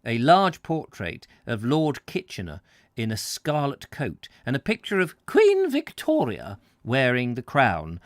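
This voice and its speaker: A man reading a travel book aloud on a live stream, telling it slowly and expressively. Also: medium pitch, dry recording, clean studio sound. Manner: slow, expressive storytelling. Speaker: reader, host.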